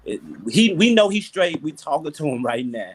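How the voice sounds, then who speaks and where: A man hosting a casual chat, talking in slangy, animated storytelling. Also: fairly high pitch, normal speed, a little hiss or hum. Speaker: podcast host.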